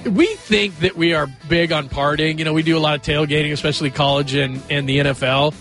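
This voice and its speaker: A man's voice: a little high, steady tone, quick pace, a bit bright, soft background music. A man hosting a sports radio show, chatting casually and rambling a little as he moves from one story to the next. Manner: chatty, rambling, eager to joke around.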